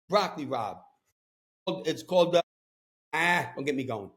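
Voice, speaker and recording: Animated Brooklyn man ranting. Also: a little high, normal speed. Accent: New York. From Brooklyn, New York. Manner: animated ranting storyteller, streetwise. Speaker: podcast host. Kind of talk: casual chat. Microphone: podcast microphone.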